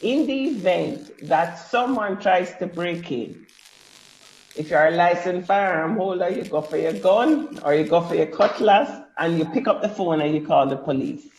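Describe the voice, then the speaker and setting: A woman's voice: fairly low pitch, animated, moderate pace, a little mellow, echoey room, a little hiss or hum, poor audio. A woman speaking as a panelist, explaining her point through a homely everyday analogy. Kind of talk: panel discussion.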